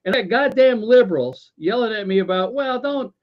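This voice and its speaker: A man's voice: sits high, animated, fairly quick. A man co-hosting a casual talk show, ranting with lots of stammering restarts, swearing and sarcasm. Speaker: podcast co-host. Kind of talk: casual political rant. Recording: dull lo-fi audio.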